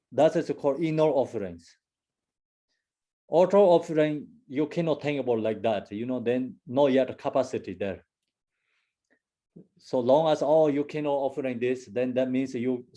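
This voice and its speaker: Slow, mellow-voiced man teaching dharma. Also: medium pitch. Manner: halting, many fillers and restarts; non-native English phrasing. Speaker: Buddhist teacher.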